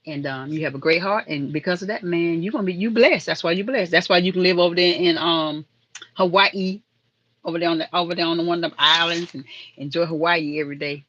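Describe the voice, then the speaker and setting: A woman's voice: lowish voice, brisk, fairly bright tone, dry recording, highs cut off. A woman hosting a casual live stream, chatting and rambling to viewers in the chat. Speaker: livestream host.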